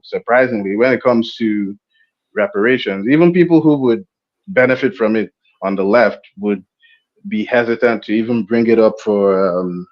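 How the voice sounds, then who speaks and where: Male caller, halting speech, muffled call audio. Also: on the low side. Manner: halting, many fillers and restarts. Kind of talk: casual chat.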